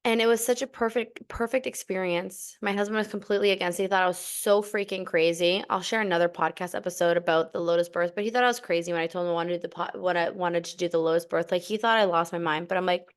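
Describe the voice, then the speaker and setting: A young woman hosting a podcast, telling a personal story in a casual, chatty way with lots of fillers and bursts of excited emphasis. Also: on the low side, fast talker, hardly any pauses, clean tone. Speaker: podcast host.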